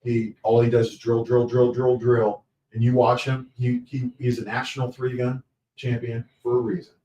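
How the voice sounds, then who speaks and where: A man telling lively stories on a podcast recorded live at an event, laughing often and acting out what people said. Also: medium pitch, moderate pace, distant mic, highs cut off. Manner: energetic, laughs often, acts out quotes. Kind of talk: animated storytelling. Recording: echoey, off-mic at a live show.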